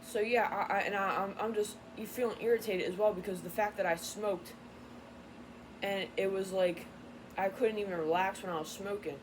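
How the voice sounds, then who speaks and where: A woman tarot reader ranting in an unscripted vlog, irritated and profane, rambling and getting louder. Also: medium pitch, fairly even intonation, normal speed, background noise. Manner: grows louder and more heated.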